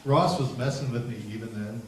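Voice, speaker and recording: A man's voice: medium pitch, a little fast. Man giving a seminar in a big echoing hall. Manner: animated storytelling, acting out voices. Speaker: psychologist giving a parenting seminar. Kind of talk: humorous seminar talk. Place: large hall with an audience. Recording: roomy, distant, noisy hall recording.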